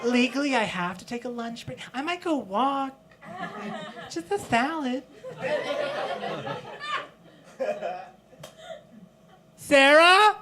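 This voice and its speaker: A man doing a fussy office boss lady who can't stop talking about her healthy lunch, swinging from breathy murmurs to a shrill, pushy lilt. She repeats herself and justifies every bite, and a live theatre crowd laughs all around her. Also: heavily acted. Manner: repetitive, wheedling, self-justifying. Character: fussy female office boss fixated on salads. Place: small theatre stage. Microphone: stage mic.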